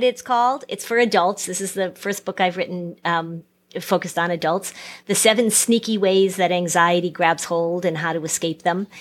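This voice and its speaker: Low-pitched woman guest, chatty and wry. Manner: warm, self-deprecating humor, frequent "um" and restarts. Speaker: guest psychotherapist and author. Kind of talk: casual interview chat.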